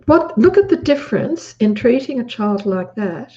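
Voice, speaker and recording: A woman's voice: a little high, sing-song, moderate pace, mellow. A woman with an Australian accent talking earnestly in casual conversation, acting out quotes as she tells a story. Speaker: guest. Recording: dull lo-fi audio.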